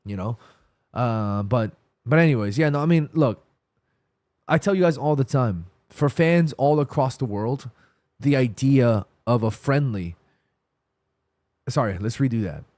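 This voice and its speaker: A man's voice: medium pitch, animated, moderate pace, darkish tone, no echo. Tired New York man chatting on stream. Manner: rambling, restarts and self-corrections. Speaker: football livestream host. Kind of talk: casual live-stream chat reading comments.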